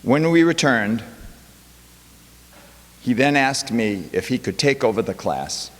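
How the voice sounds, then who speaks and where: A man's voice: medium pitch, expressive, slow pace, a bit bright. A male professor giving a chapel talk, telling a classroom story with wry quoted asides. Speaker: guest speaker, professor. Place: college chapel. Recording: long hall reverb.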